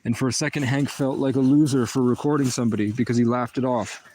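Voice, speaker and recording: A man's voice: medium pitch, steady tone, fast, mellow. Man, vlogger, rambling profane rant, muttering to himself, noisy background. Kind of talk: casual rambling vlog.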